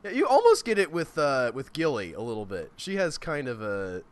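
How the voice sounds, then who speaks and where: A man's voice: fairly high pitch, huge pitch swings, fairly quick. A man hosting a podcast, chatting casually about a TV episode and going off on tangents. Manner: rambling, goes off on tangents. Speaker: podcast host. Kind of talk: casual TV recap chat.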